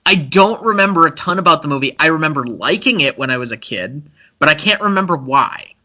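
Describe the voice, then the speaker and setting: A man's voice: on the high side, lively intonation, brisk, pushed and bright. A young man co-hosting a casual movie-review podcast, chatty and analytical, with frequent fillers. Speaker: podcast co-host.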